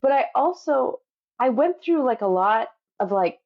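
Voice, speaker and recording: A woman's voice: sits high, animated, unhurried, muffled recording. A woman cookbook author talking reflectively in a podcast interview, with many you-knows.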